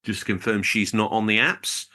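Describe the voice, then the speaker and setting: Guy cohosting a podcast, low voice but bright tone, rambly and jokey. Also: fairly even intonation, normal speed. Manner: jokey, rambling, reads supporter tiers. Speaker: podcast co-host. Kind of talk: casual podcast chat.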